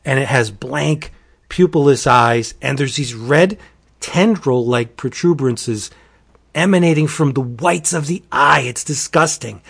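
A man's voice: fairly high pitch, creaky, husky. A man chatting casually as a podcast host, animatedly retelling a wacky horror comic and acting out its quotes. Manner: animated storyteller, acts out quotes, says wackadoodle.

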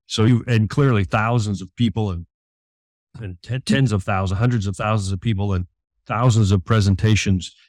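A man hosts a radio interview, asking friendly questions and sometimes restarting his words. His voice is fairly low and sounds dry and close. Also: steady tone, moderate pace, a little mellow, no echo. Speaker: radio host.

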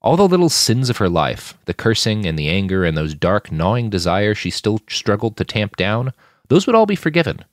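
A man hosting a fiction podcast, reading his own story aloud with expressive scripted narration. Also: on the low side, moderate pace, no echo, studio quality. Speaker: podcast host and fiction author.

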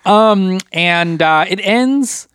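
A man's voice: high voice, lively intonation, very slow, fairly bright tone, clean tone, dry recording, clean studio sound. A man co-hosting a podcast, recapping an episode in casual chat and slipping into playful accents. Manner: jokey, slips into playful accents. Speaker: podcast co-host.

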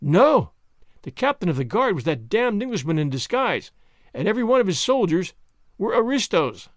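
A man's voice: high voice, big pitch swings, moderate pace, no echo, studio quality. A man voicing a pompous boastful gate sergeant. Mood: gleeful. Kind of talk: audiobook character voice.

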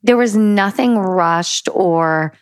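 A woman's voice: medium pitch, slow, no echo, clean studio sound. A middle-aged woman from the United States co-hosting a casual travel chat, laughing easily and steering the talk. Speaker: co-host.

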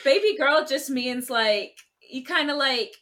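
Bright-voiced giggly woman guest. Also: sits high. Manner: giggly, quick bursts of excited talk. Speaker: guest, cosplayer. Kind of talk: casual chat.

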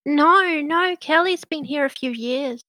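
A woman's voice: sits high, unhurried, bright, forceful tone, pitched above the performer's own voice. A woman doing a bubbly gossipy diner owner. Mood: chatty. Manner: chatty, gossipy.

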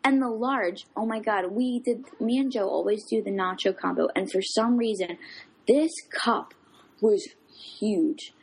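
A woman co-hosting a casual chat, rambling through stories with lots of fillers and animated asides. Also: mid-range voice, a little slow, slight background noise.

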